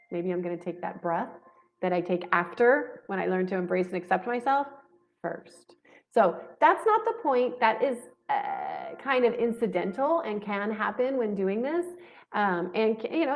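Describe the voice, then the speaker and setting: Frank, low, gravelly woman coach. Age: 40s. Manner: frank, salty and relaxed, with quoted inner voices. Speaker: spiritual coach. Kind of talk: casual teaching talk.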